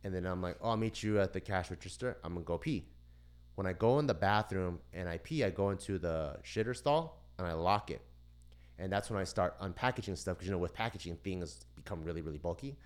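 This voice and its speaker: A man on a casual podcast, telling a story in lively, profane fashion and acting out the people in it. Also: low-pitched, a little fast, clean tone. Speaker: podcast co-host.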